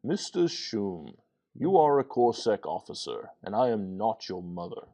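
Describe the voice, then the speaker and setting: A man's voice: on the low side, very animated, measured pace, dark tone, heavily acted. A man reading a screenplay, playing a pilot who mocks a prim, proper older woman with a stiff, scolding delivery.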